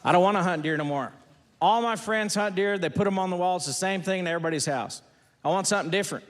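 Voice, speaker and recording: A man's voice: sits high, fast, big-room sound. A man performing a stand-up routine, firing off folksy one-liners on stage before a laughing audience. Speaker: stand-up comedian.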